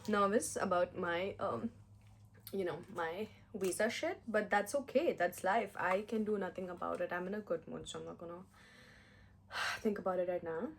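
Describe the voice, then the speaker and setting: A woman's voice: lowish voice, moderate pace, slight background noise. A young woman chatting casually on her vlog while doing her makeup, giggly and self-mocking. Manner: chatty, giggly, self-mocking, with playful mock-Italian put-on phrases. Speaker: vlogger.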